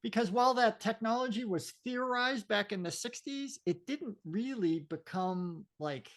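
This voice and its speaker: A man's voice: high voice, measured pace. A man co-hosting a podcast in casual chat, explaining things in a talkative way and laughing easily. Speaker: podcast co-host.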